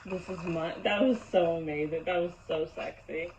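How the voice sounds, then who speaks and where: A gushing woman rambles through her reaction with a gravelly edge to her voice. She sits back from a dull-sounding mic in an echoey room. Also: lowish voice, moderate pace, a little mellow, distant mic, slight background noise. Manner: gushing, lots of "like" fillers. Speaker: YouTube host. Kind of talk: episode reaction vlog.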